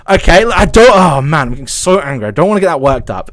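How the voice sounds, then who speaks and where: Streamer, man, southern English accent, high lively voice, stuttering angry rant, dry close sound. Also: fast talker, few pauses, no echo. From south of England. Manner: angry, swearing, excitable. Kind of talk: casual livestream rant.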